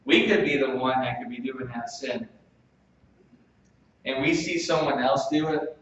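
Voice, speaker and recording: A man preaches a sermon at an ordinary pitch, dropping soft and slow, then jumping into loud bursts. He is heard from a distance in a very reverberant church. The sound is dull, with faint room noise behind. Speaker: pastor.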